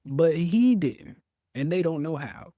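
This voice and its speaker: A man's voice: a little high, lively intonation, slow, warm tone, no room sound, studio quality. A man, a veteran guest telling his story in an interview, acting out his own past words.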